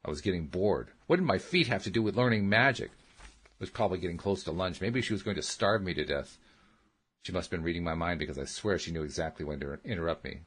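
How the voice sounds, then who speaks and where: A man with a very low, husky voice reads a first-person memoir aloud on a radio show. His delivery is steady and earnest, carrying the story line by line. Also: fast. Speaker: radio host reading aloud.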